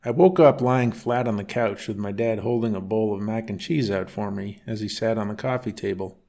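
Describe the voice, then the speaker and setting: A man narrating a first-person bedtime story in a calm, unhurried reading voice. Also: lowish voice.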